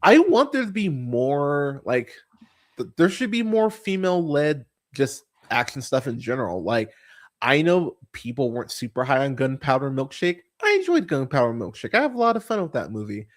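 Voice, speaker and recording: A man hosting a casual movie podcast, rambling and swearing freely, full of fillers and restarts, and turning animated when he mocks what he saw. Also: mid-range voice, moderate pace. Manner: animated when mocking characters. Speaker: podcast host. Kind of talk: casual movie review chat.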